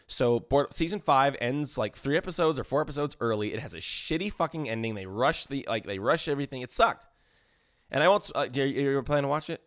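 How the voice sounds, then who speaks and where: A young man in his twenties co-hosting a podcast in casual chat. His pitch sits mid-range, and he talks with blunt, profane emphasis. He rants more than he reasons. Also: expressive, a little fast, a bit bright. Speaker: podcast co-host.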